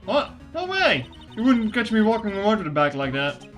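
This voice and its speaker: A streamer voicing an excitable, chatty young woman sidekick in a game. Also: medium pitch, fairly quick, faint music behind. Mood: excited. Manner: excited, bouncy.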